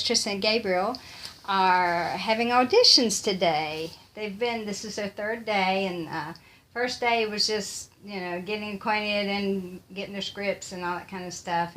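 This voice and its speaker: Older woman, unhurried casual chat to camera, rambling. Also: medium pitch, a bit bright. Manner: rambling, chatty, many fillers. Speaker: vlogger.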